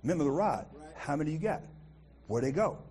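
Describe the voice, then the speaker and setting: A middle-aged American pastor from the United States preaches a sermon in an animated way, swinging from loud outbursts to quiet asides. His voice is on the high side and brisk.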